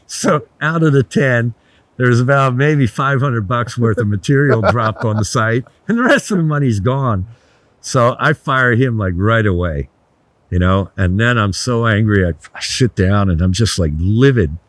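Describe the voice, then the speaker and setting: An older man, a resort founder, telling blunt, animated anecdotes in a casual interview, swearing freely. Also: mid-range voice, moderate pace, no echo.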